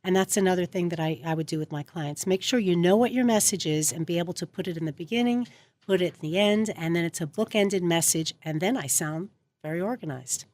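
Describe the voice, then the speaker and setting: A woman's voice: fairly low pitch, fairly quick, a little mellow. A middle-aged woman from New York, a communication coach answering interview questions in an instructive, organized way. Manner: instructive, organized, lists points.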